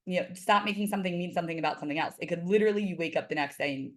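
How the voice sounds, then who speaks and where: A woman's voice: lowish voice, rapid-fire. A woman guest on a podcast, chatting casually and peppering her talk with "like". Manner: chatty, lots of "like" fillers. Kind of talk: casual chat.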